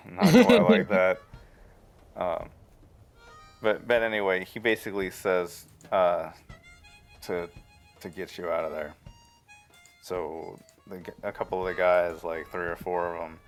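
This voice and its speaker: A man narrating as game master of a tabletop game, talking in halting bursts with many restarts and fillers. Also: sits low, fairly even intonation, soft background music.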